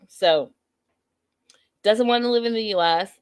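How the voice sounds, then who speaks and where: A woman's voice: medium pitch, measured pace, clean tone, dry recording. A woman hosting a show, giving a chatty, opinionated recap of a reality TV episode and greeting viewers from the live chat. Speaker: show host.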